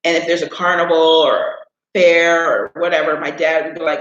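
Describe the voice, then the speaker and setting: A man with a fairly high voice, from Illinois, hosts a live stream and tells a long, meandering family story. He keeps looping back with "anyways" and "right?". The sound is dull and echoes around the room. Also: little pitch movement, normal speed, a bit bright. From Illinois, USA. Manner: rambling, with frequent "anyways" and "right?". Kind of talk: casual storytelling.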